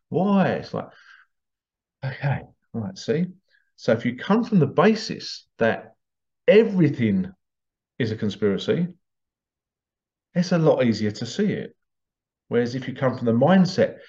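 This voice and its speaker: Male vlogger, mid-pitched, mellow tone, rambling and repetitive, muffled lo-fi sound. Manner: rambling, repeats words, chuckles between points. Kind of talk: casual monologue to viewers. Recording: dull lo-fi sound.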